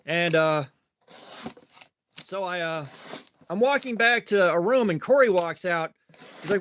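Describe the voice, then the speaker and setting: A man streaming live, telling a rambling, profane story in a casual way and getting animated when he quotes people. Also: sits high, takes it slowly, long pauses, slight background noise. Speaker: livestream host.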